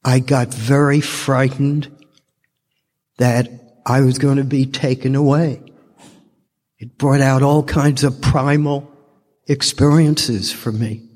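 A man's voice: medium pitch, fairly even intonation, darkish tone. An older man giving a heartfelt personal testimony as a speaker at a recovery fellowship meeting. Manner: slow, heartfelt storytelling. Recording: long reverb from a large hall.

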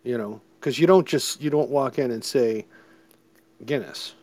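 A man's voice: mid-range voice, moderate pace, warm tone, dry recording. A man co-hosting a casual chat podcast, joking and rambling between topics. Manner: jokey, rambling. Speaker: podcast co-host.

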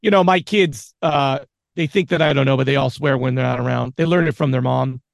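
A man's voice: medium pitch, fairly quick, vocal fry, no room sound, studio quality. A man in his forties co-hosting a podcast, teasing his co-host in casual banter and laughing easily. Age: 40s.

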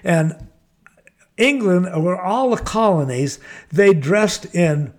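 Older American guy, rambling laid-back storyteller, a bit high-pitched. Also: expressive, slow pace. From United States. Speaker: guest. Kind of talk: casual storytelling.

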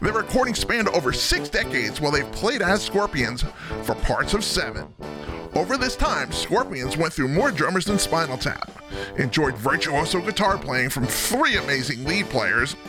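A man's voice: a little high, sing-song, normal speed. A man reading a scripted podcast intro in an upbeat, emphatic announcer style. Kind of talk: scripted show intro narration. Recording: music playing behind the voice.

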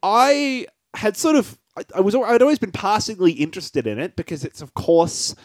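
A man's voice: high voice, big pitch swings, moderate pace, dry recording. A man co-hosting a podcast, talking in a rambling, joking way with many fillers and restarts. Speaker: podcast co-host. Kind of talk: casual podcast chat.

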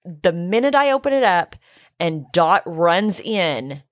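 A middle-aged woman with a hoarse, somewhat low voice tells a chaotic story to a friend. She slips into quoting herself with plenty of swearing. The sound is close and dry. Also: slow, no echo. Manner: animated, acts out her own quotes, swears. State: hoarse, recovering from illness. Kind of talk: casual storytelling chat.

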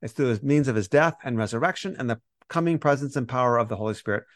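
A man's voice: mid-range voice, quick pace, no room sound. Dry-sounding man explaining scripture. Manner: animated explainer, acts out quoted voices. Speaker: podcast co-host teaching on Romans. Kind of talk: conversational Bible teaching.

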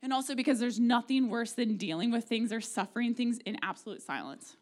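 A pastor in her forties with an American Midwestern accent preaches in a church sanctuary, her voice fairly high and a little fast. Her sermon is conversational and humorous, and she acts out quoted prayers.

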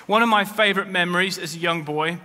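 Male pastor preaching, sharp bright voice, pitched up, church reverb trailing off. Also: fast. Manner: preaching with rising emphasis and quoted scripture. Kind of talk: sermon. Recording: long hall reverb.

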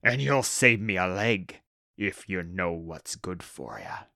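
A man voicing a huge, bullying orc boss who bellows slow threats, in a storybook reading. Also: sits low, expressive, gravelly, bright, forceful tone, dry recording, studio quality, heavily acted. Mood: grudging.

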